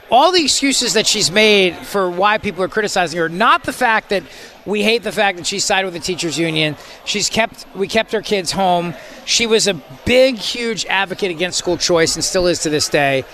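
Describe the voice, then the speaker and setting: Bright high-voiced sarcastic radio host. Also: male voice, animated, normal speed, slight background noise. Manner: sarcastic, rambling, mocking. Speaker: radio talk show host. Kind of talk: talk radio commentary.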